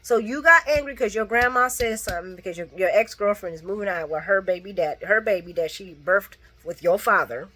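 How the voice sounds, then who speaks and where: Woman soap recapper, chatty and animated, swears freely, talks to her fans. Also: medium pitch, brisk, few pauses. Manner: animated, profane, talks to viewers; quoting characters mid-story. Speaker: soap opera recap vlogger. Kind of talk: casual recap chat.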